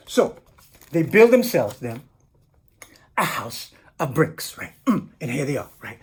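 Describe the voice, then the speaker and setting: Husky man musing over a picture book. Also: a little high, very animated, measured pace. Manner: casual and musing, with constant "right?" and "you know". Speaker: storyteller and teacher. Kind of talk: reading a picture book aloud and discussing its illustrations.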